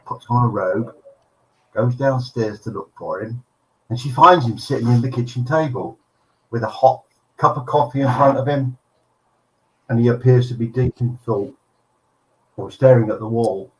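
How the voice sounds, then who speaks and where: A man telling a long joke on a video call, deadpan with chuckles. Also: mid-range voice, moderate pace, pauses often, rough recording. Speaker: regular telling the joke of the week. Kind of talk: casual chat and joke telling.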